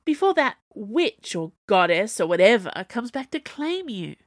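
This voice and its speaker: A woman's voice: very animated, unhurried, no echo, clean studio sound. A woman voicing a frantic young sorceress pleading with her brother. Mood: urgent. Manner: urgent, pleading, high-pitched.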